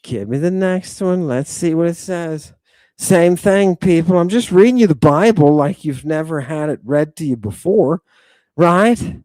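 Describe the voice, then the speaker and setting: A man's voice: fairly high pitch, expressive, measured pace, dark tone, no echo, clean studio sound. A man hosting a livestreamed lecture, combative and emphatic, addressing his audience directly and repeating his points. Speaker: host.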